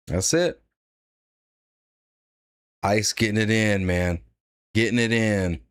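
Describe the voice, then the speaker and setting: A man's voice: lowish voice, fairly even intonation, slow, clear, resonant tone, no room sound, studio quality. A man giving blunt, sarcastic live-stream commentary, reading out donations and laughing at his own jokes. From United States.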